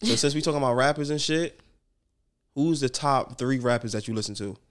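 A man's voice: medium pitch, quick pace. Laid-back teasing young man. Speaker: podcast co-host. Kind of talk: casual chat.

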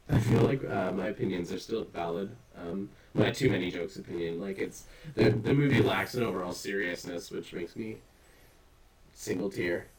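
A man's voice: low-pitched, normal speed, far from the mic, noisy background. A man chatting casually as a podcast co-host, rambling and swearing often with self-mocking humor. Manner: rambling, profane, self-deprecating. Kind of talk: casual chat.

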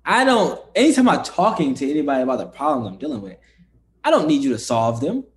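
A man talking as a podcast guest in a laid-back, conversational way, often dropping soft and low as he explains. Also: big pitch swings, fast. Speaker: guest, entrepreneur. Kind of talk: casual interview chat.

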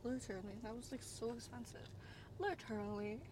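A woman's voice: a little high, brisk, noisy background. A young woman co-hosting a casual chat. She says "literally" and "like" a lot and laughs often. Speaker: co-host.

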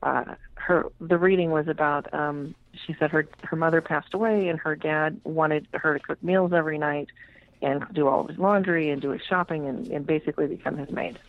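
A woman's voice: sits low, fairly even intonation, normal speed. Frank woman storyteller on a tinny line. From United States. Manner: frank, swears freely, acts out quoted voices. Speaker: tarot reader, guest. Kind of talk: casual storytelling interview. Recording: tinny phone-like radio line.

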